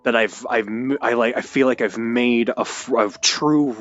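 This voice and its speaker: A young man telling an emotional personal story, halting and hesitant with many restarts. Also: medium pitch, steady tone, a bit bright, highs cut off, faint music behind. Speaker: video creator.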